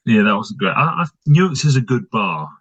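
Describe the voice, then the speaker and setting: A man's voice: medium pitch, big pitch swings, brisk, fairly bright tone, breathy edge, no room sound, lo-fi sound. A man with an English Midlands accent co-hosting a casual podcast, speaking in a dry, hesitant way. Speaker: podcast co-host. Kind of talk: casual chat.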